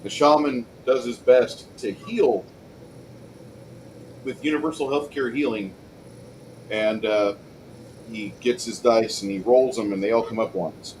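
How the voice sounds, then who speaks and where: A man narrating and running a tabletop game as game master, joking and animated. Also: mid-range voice, unhurried, pauses often, slight background noise, low-quality recording. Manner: animated, jokey, breaks into loud shouts and put-on voices.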